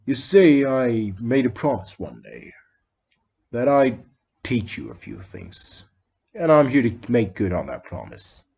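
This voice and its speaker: A man's voice: medium pitch, wildly swooping pitch, measured pace, vocal fry, a little mellow, breathy edge, full character voice. A man voicing a boastful older male toad sage in a grand, self-important manner, on a slightly dull lo-fi recording.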